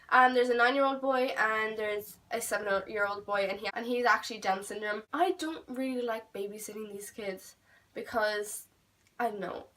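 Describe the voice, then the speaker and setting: Teenage Irish girl vlogger, casual storytime, animated and sweary, mid-pitched, mic a little distant. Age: teens. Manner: animated, swearing, lots of "like" fillers. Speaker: beauty vlogger.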